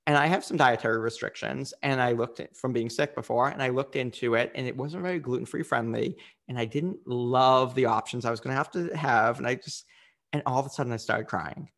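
A man's voice: medium pitch, brisk, vocal fry, fairly bright tone. A man speaking as a coach in a candid interview, earnest and reflective, with frequent fillers.

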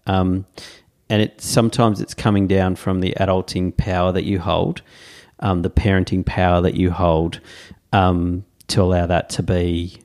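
A man with a very low voice talks through his thoughts in a casual podcast conversation. He pauses often and fills the gaps with soft "um"s as he works his ideas out. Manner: reflective, many "um" pauses. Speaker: podcast guest, father.

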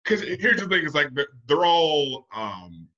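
Man in his thirties, bright tone, hesitant casual talk, dull lo-fi audio. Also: fairly high pitch, big pitch swings, a little slow. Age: 30s. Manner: rambling, hesitant storytelling with filler. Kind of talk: casual chat.

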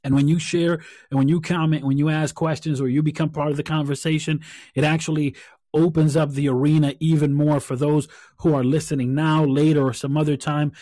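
A man with a fairly high voice hosts his own podcast alone. He talks earnestly and reflectively, circling back over his words as he thinks aloud. The sound is dry and close. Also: flat delivery, brisk, warm tone, no room sound. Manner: earnest, repeats phrases while thinking aloud. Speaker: podcast host. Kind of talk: reflective solo podcast talk.

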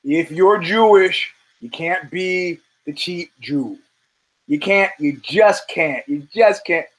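A man's voice: high-pitched, slow, a bit bright, low-quality recording. A male show host giving a blunt, rambling commentary monologue full of profanity and restarts.

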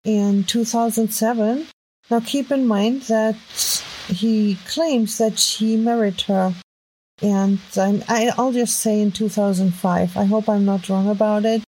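A woman with a heavy German accent, hosting a podcast and thinking aloud in casual commentary as she reads web posts, halting with fillers and restarts. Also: mid-range voice, steady tone, mellow, a little hiss or hum, rough recording. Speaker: podcast host. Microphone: home microphone.

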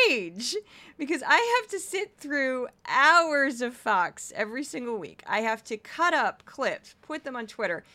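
A woman's voice: a little high, bright, forceful tone. A woman from St. Louis hosting a podcast, ranting with exasperation about petty critics and reading news items. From St. Louis, USA. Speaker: podcast host. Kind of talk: casual commentary.

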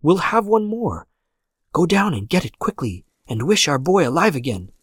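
A man reading aloud and voicing a grieving old woman, frantic and obsessed, in high hysterical cries. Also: expressive, moderate pace, fairly bright tone, slightly rough, dry recording, clean studio sound.

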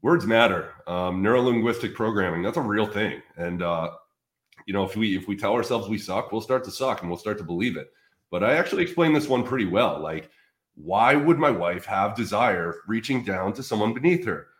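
A man's voice: on the low side, expressive, fairly quick, echoey room. A man appearing as a podcast guest, speaking directly and matter-of-factly in casual conversation.

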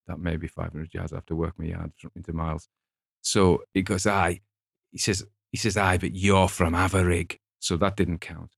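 Deep-voiced middle-aged man, rambling chat. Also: flat delivery, brisk, gravelly, husky, no echo, studio quality. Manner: discursive, anecdotal, chuckling asides. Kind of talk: casual rambling book chat.

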